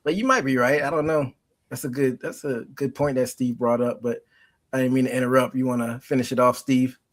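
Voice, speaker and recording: A man's voice: mid-range voice, fairly even intonation, a little fast. Man hosting a casual podcast chat. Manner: asks questions, pushes back conversationally. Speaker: podcast host.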